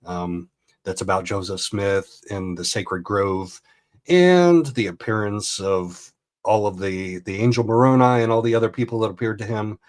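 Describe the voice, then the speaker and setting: A man's voice: lowish voice, moderate pace. Chatty man reacting to a video. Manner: chatty, incredulous, rambling. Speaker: host. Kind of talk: casual commentary reacting to a video.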